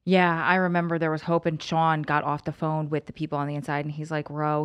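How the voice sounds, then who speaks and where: A woman's voice: low voice, fairly quick, hardly any pauses, clean tone. A middle-aged woman co-hosting a podcast, telling a story in casual conversation and acting out what others said. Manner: animated, acts out quoted voices. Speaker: podcast co-host.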